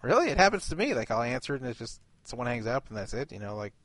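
Male host, casual and rambling, mid-pitched voice, music underneath. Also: very animated, racing, fairly bright tone, dry recording. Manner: rambling, self-correcting. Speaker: host of an online radio show. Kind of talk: casual chat.

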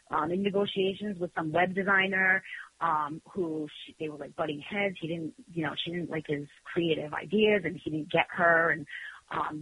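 Woman, lowish voice, defensive and emphatic, talking over a phone line with faint hiss. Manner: defensive, rapid, emphatic, animated quoting. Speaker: guest defending herself. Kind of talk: heated phone-in conversation.

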